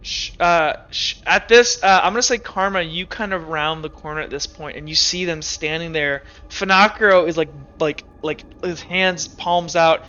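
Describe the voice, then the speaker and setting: A man's voice: on the high side, moderate pace, hardly any pauses, sharp tone, dull audio. A man narrating as game master of a tabletop game, rambling with lots of fillers. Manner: rambling, filler-heavy narration with frequent restarts.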